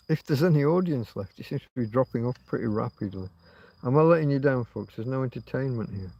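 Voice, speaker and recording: Recorded with no room sound, this middle-aged man has a medium-pitched, creaky, slightly mellow voice. He's out at night near a road hosting a livestream, musing aloud, swearing, and talking to himself.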